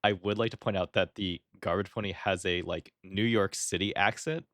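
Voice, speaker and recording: A man co-hosting a podcast, chatting casually and reacting with quick agreement. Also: low-pitched, fairly even intonation, a bit bright, no echo, clean studio sound. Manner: reactive, frequent short agreements and laughter. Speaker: podcast co-host. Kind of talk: casual chat.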